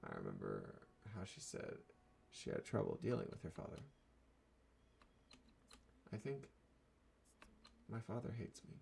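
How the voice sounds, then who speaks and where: A man reading a visual novel's narration aloud in a measured, subdued way. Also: low voice, wildly swooping pitch, vocal fry, darkish tone, slight background noise.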